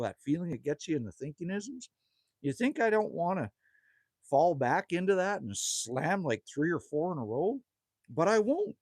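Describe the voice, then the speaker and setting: A man with a slightly high, husky voice hosts a casual live stream outdoors at a cabin, recorded with clean studio sound and no echo. Chatty and laid-back, he answers viewer comments and calls everyone "man" or "buddy."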